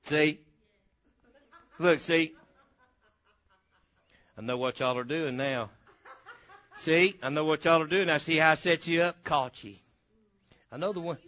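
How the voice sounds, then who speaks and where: A man preaching a folksy sermon, swinging between loud bursts and hushed asides. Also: a little high, measured pace, pauses often, highs cut off.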